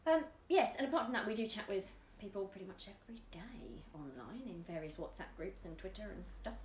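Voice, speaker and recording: A woman's voice: expressive, brisk, echoey room, a little hiss or hum. A woman, a YouTube vlogger, chatting casually and giggling as she answers tag questions with her partner. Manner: chatty and giggly, drifting up and down in pitch.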